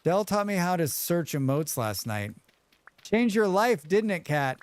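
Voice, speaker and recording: A man's voice: high voice, sing-song, a little slow, no room sound. A man livestreaming a game, chatting casually with viewers, humming and thanking them as he plays. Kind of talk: casual livestream chat while gaming.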